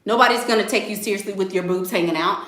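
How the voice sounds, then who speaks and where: A woman's voice: mid-range voice, fast, reverberant, slight background noise. A young woman hosting a casual livestream, reading out donations and talking emphatically, repeating her points and saying "y'all" often. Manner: animated, emphatic, repeats phrases, Southern US slang like "y'all".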